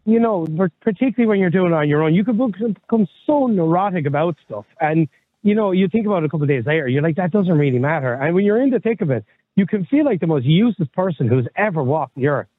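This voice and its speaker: A man in his thirties talks in a rambling, candid way, swearing now and then. His voice sits a little high. The sound is thin and phone-like, with no room echo. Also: expressive, fast. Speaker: podcast co-host. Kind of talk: casual chat. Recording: tinny phone-like line.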